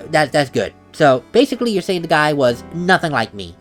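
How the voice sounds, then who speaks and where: A man's voice: on the high side, big pitch swings, brisk, faint music behind. A man voicing a flustered, exasperated young male defense lawyer who stammers when caught off guard.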